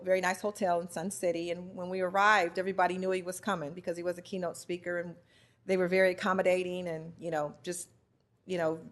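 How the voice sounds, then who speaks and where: A woman from the United States sharing her experience as a spouse, earnest and halting with many restarts. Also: on the low side. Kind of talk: heartfelt personal testimony.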